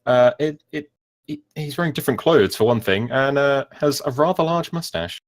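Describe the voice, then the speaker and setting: A man's voice: mid-range voice, normal speed. A man narrating as game master of a tabletop game, rambling and self-mocking with many fillers.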